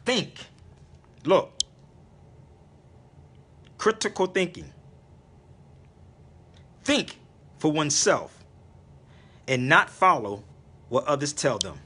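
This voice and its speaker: A man's voice: on the high side, sing-song, takes it slowly, long pauses, bright, forceful tone, slightly rough. A man hosting a live internet radio stream, lecturing in an emphatic, preachy way and repeating his points.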